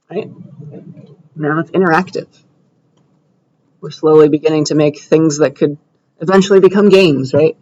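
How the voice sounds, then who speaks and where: A young man lectures a class, walking through a coding demo in a relaxed, conversational way and often pausing to ask whether the room is following. His voice sits somewhat high for a man. The recording sounds dull and lo-fi, like a classroom capture. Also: slight background noise. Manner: conversational, checks understanding with frequent "right?" and "okay?". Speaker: computer science lecturer.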